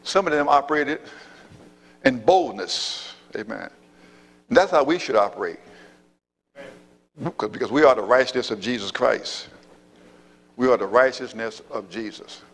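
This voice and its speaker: A man's voice: medium pitch, animated, normal speed, long pauses, fairly bright tone. A male pastor delivering a sermon in an ordinary mid-range voice. He works the room in call-and-response, repeating himself and tossing in amen and praise God. His words echo through a large church hall with a long reverb tail. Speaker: apostle and pastor. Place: church sanctuary.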